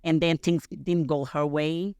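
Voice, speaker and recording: A woman's voice: low voice, steady tone, measured pace, dark tone, smooth, dry recording. Woman, 30s, talking casual on a podcast, lots of "like" and "you know", dry close mic. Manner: chatty, many fillers. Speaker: guest. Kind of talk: casual interview chat. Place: studio, podcast.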